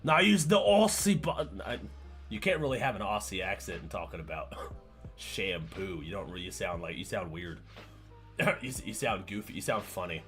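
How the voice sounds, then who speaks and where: A man's voice: sits low, expressive, moderate pace, pushed and bright, soft background music. A man livestreaming and chatting casually with his viewers, rambling, stammering and repeating words, laughing often and getting sidetracked.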